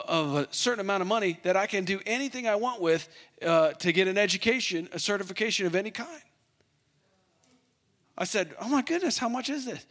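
Male preacher, animated storyteller, high voice, long hall reverb. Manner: animated storyteller acting out both sides of a conversation. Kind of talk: sermon storytelling.

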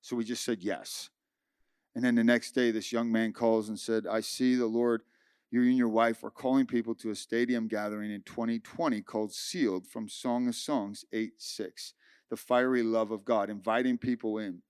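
A man pastor giving a sermon, telling a personal story with lively acted-out dialogue. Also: fairly low pitch, normal speed, smooth, no echo, clean studio sound. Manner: animated storytelling, acting out dialogue. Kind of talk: sermon testimony.

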